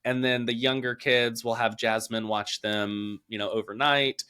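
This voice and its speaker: A man co-hosting a podcast who chats about family plans in an easygoing, halting way. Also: medium pitch, fairly even intonation, bright, forceful tone, clear, resonant tone. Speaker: podcast co-host. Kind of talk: casual chat.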